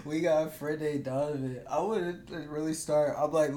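A man's voice: a little high, steady tone, moderate pace, mellow, echoey room. A man in casual group chat, telling stories in a laid-back way and laughing often.

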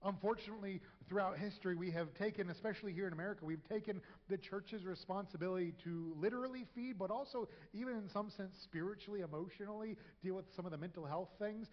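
A man with a high voice preaches a conversational sermon and now and then acts out quoted voices with humor. His voice rings through a church hall with a long echo. The recording sounds dull and lo-fi. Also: a little fast. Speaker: pastor. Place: church sanctuary.

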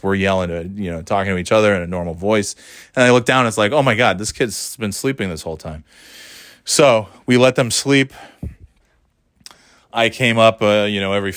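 A middle-aged man, a parent, tells a family holiday story for a casual vlog, rambling and chatty, laughing often and acting out what people said. His voice sits on the low side and is a bit bright. The studio-quality recording has no echo and was made in a warm indoor room.

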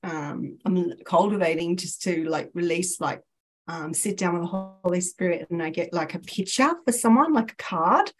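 Speaking in a lowish voice at a moderate pace, a woman guest chats casually about her personal faith experience. She is animated, laughs frequently and acts out the voices she quotes.

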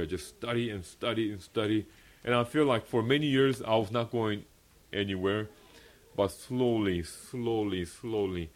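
A fairly low-pitched young man preaches a testimony sermon to a fellowship meeting. This pastor is earnest and forceful, breaking into laughter often and repeating his key lines.

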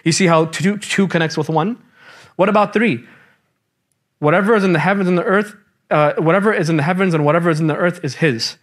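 A young man teaching a Quran class in a lively, casual way, quizzing his students as he goes. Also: high voice, brisk. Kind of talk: classroom lecture.

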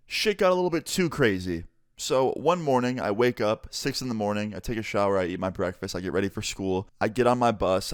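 A man's voice: clean tone, dry recording, studio quality. A young man casually telling a story from his school days, laid-back and swearing freely. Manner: laid-back, swearing, low-key delivery.

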